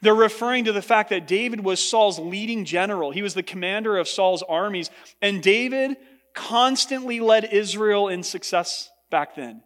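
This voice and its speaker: High-voiced preacher in a reverberant hall. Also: male voice, normal speed, fairly bright tone. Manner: earnest preaching, rising in pitch for quoted speech. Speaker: pastor. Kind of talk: sermon. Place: large church hall.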